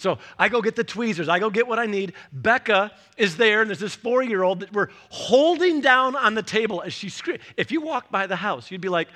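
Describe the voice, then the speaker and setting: A man in his forties preaching a sermon as a pastor, telling animated stories and acting out the voices of people in them. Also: sits high, fairly quick, hardly any pauses.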